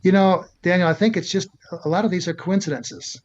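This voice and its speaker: An older man, a physician telling a personal story in an interview, earnest and halting, often restarting his sentences. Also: high voice, dull audio. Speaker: physician and author.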